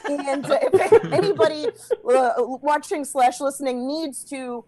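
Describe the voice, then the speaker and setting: Brash, high-voiced woman doing stand-up. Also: unhurried, a crowd in the background. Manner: brash, profane and self-mocking, often laughing mid-line; acts out other people in a quieter voice. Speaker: stand-up comedian. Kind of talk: stand-up comedy set. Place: Los Angeles.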